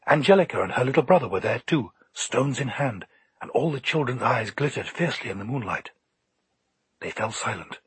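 A man narrating an audiobook in a calm, measured storytelling manner. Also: medium pitch, husky, no room sound.

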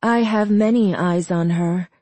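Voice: medium pitch, darkish tone, dry recording, close to an everyday voice. A narrator voicing a frail, cruel old man who speaks mildly but with menace. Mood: menacing. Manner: slow, mild, menacing delivery. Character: frail old male villain, cruel and calm.

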